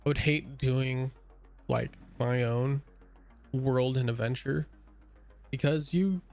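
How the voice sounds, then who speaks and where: With faint tiredness in his slow, slightly mellow mid-range voice, a young streamer chats casually while playing a game. He rambles with many fillers and restarts over soft background music.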